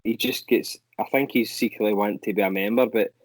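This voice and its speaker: Animated man telling stories. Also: fairly low pitch, a little fast, dry recording, poor audio. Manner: animated anecdotes, swears casually. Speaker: guest musician. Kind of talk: casual storytelling chat.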